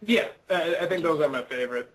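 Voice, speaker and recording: A man's voice: fairly high pitch, lively intonation, fast, slight background noise, rough recording. A young man answering interview questions over a video call, rambling and self-deprecating with lots of fillers and restarts. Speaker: interview guest. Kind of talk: casual interview chat.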